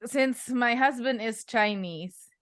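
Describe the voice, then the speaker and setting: A woman's voice: fairly high pitch, slow, a bit bright, dry recording, clean studio sound. A woman in her thirties co-hosting an interview, chatty and full of fillers. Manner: chatty, laughs often, many fillers. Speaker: podcast co-host. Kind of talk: casual interview conversation.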